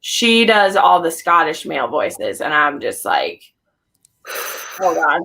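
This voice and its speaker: Woman host, bright tone, chatty, gushing, many fillers. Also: deep voice, takes it slowly. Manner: gushing, animated, filler-heavy. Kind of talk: casual group chat.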